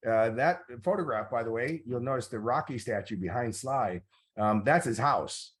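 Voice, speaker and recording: A man's voice: medium pitch, lively intonation, moderate pace. A middle-aged man, a motivational coach, tells stories in a master class talk, with many fillers along the way. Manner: anecdotal storytelling with many fillers.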